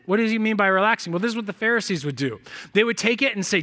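A male pastor delivers a sermon in a chatty, storytelling way, slipping into quick snatches of acted-out dialogue. His voice sits high for a man and sounds bright. It is preached in a church. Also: expressive.

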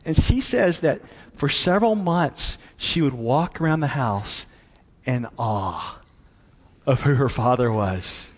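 A man's voice: mid-range voice, lively intonation, slow pace, slightly rough, long reverb tail. A man preaching a sermon as pastor, earnest and emphatic, often repeating words.

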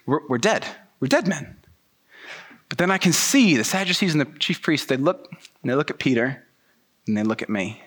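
Man preaching, first-person storytelling, lively pitch, bright tense voice, casual slang. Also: moderate pace, breathy edge. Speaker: pastor.

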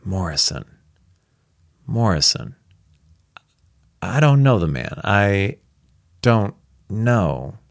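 A man's voice: lowish voice, big pitch swings, very slow, gravelly, long pauses, no room sound, studio quality, full character voice. A man voicing an impatient army general who barks abrupt orders. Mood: subdued.

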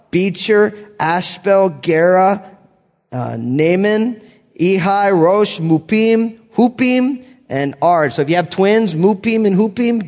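American man teaching the Bible in a hall. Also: high-pitched. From United States. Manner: casual and joking between readings. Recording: long hall reverb.

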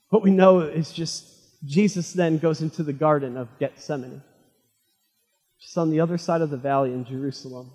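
A man preaching a sermon, retelling a story dramatically and swinging from loud, fervent lines to hushed ones. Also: fairly high pitch, normal speed, slightly rough. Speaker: pastor. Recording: long hall reverb.

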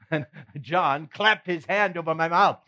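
A man's voice: fairly high pitch, very noisy. A man playing the apostle Peter, a middle-aged fisherman, telling his story in a folksy first-person monologue with frequent chuckles.

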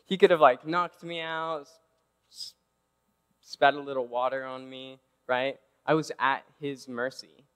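A man's voice: mid-range voice, steady tone, slow, long pauses, a bit bright, smooth. A man giving a casual, conversational sermon who keeps checking in with his listeners by asking "right?". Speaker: preacher. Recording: long reverb of a large hall.

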